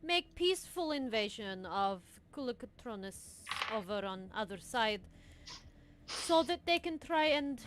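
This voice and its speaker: A woman playing in a tabletop game, talking in a chatty, halting way with broken English. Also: a little high. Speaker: player. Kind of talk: casual tabletop game talk.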